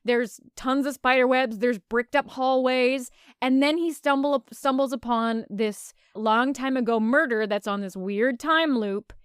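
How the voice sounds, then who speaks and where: A woman's voice: sits high, a little slow, few pauses, clean tone, no room sound. A woman co-hosting a film podcast in casual chat, with dry, wry remarks. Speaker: podcast co-host.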